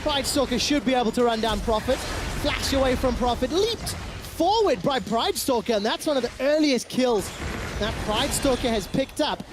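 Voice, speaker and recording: A man calls a video game match as the play-by-play caster, trading quick, teasing banter with his partner. His voice is high for a man. Music sits clearly under the broadcast mix. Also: expressive. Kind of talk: esports play-by-play commentary.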